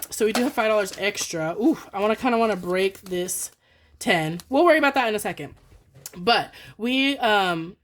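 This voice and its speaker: Excited fast-talking young woman vlogger. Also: mid-range voice. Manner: fast, excited, rambling with many "like" fillers. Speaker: budgeting vlogger. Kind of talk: casual chatty voice-over while cash stuffing.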